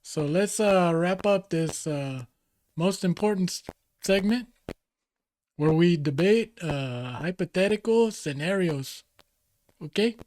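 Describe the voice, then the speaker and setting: A man's voice: fairly high pitch, expressive, slow pace, long pauses, slightly rough, no echo, full character voice. A podcast host putting on the voice of a swaggering young male street tough, drawling slang and tacking "Holmes" onto his lines. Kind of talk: comedic put-on accent in podcast chat.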